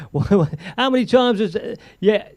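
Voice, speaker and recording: An older comedian hosting a live stream, chatting in a rambling way and telling jokes, with frequent chuckles and thanks to viewers. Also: male voice, high-pitched, a little slow, no room sound. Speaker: comedian host.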